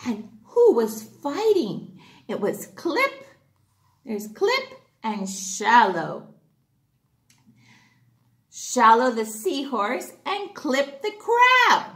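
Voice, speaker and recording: Brief: high, sing-song woman teacher reading to little kids, slow and clear. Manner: animated, gently instructive. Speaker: preschool teacher. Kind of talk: children's circle time storytelling. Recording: roomy echo.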